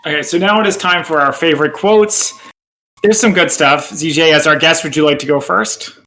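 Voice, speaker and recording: A man's voice: a little high, moderate pace, sharp tone. A man hosting a casual film podcast, introducing segments and joking. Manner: runs the segments, jokes at himself. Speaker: podcast host. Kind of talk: casual chat.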